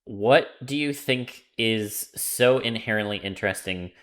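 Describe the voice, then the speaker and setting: A man's voice: on the low side, unhurried, fairly bright tone, poor audio. A man hosting a podcast, laid-back and chatty, steering the talk with questions and short interjections. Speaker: podcast host. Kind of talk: casual chat.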